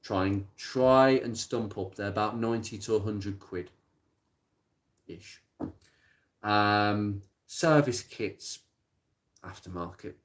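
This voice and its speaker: A man chatting casually on a live stream about car parts, plain-spoken and rambling, with many pauses and restarts. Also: on the low side. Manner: rattles off blunt practical advice. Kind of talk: casual live-stream chat answering viewer comments. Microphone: smartphone.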